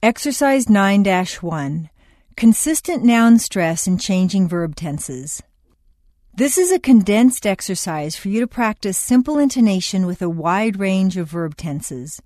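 A woman's voice: medium pitch, expressive, a little slow, a little mellow, dry recording, clean studio sound. A woman narrating a scripted audio lesson in a plain, announcing tone, reading chapter headings and exercise instructions.

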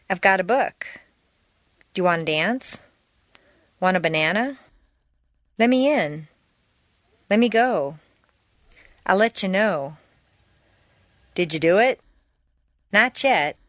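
A woman reading short practice phrases aloud for learners to repeat, articulating each one clearly. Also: medium pitch, no echo, clean studio sound. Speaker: drill reader.

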